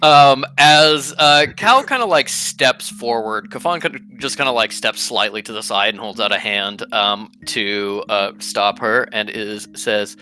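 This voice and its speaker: A young man narrating as game master, halting with many fillers. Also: on the low side, pushed and bright, soft background music.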